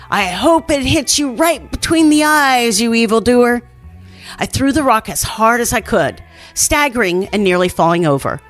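A woman reading a first-person scary campfire story as scripted narration, at a steady storytelling pace. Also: mid-range voice. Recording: faint music underneath.

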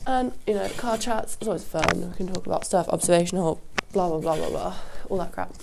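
A woman with a fairly low, gravelly voice hosts a rambling solo podcast, speaking briskly with fairly even intonation. Sick and sniffly, she is casual and sweary, recording outdoors at a windy horse yard. A lapel mic clipped to her jacket picks up wind noise in the background.

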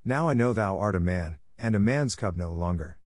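A man voicing a wise, protective black panther in a storybook, gentle and counselling in manner. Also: lowish voice, lively intonation, normal speed, no echo, clean studio sound, natural voice. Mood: tender.

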